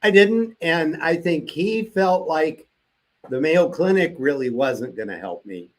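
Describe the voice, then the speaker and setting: A man's voice: a little high, animated, unhurried. An older man as an interview guest, telling a long personal story and acting out the voices of the people he quotes.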